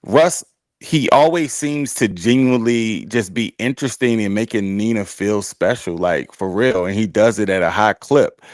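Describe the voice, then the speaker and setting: A man's voice: lowish voice, moderate pace, no echo, clean studio sound. A man co-hosting a casual book review chat, speaking in a laid-back, slangy way and drawing out his phrases.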